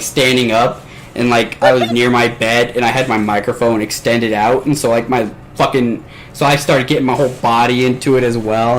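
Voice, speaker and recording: A man's voice: medium pitch, poor audio. Man, podcast host, casual chat, rambling story, lots of swearing, faint background hiss. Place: bedroom at home.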